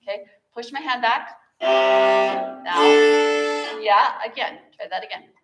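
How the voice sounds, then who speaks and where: Her voice sits on the high side and is expressive, and she speaks slowly as she teaches a viola masterclass on bowing, with chatty, encouraging asides. The recording is muffled, with loud music behind her, in an echoey room where an instrument plays.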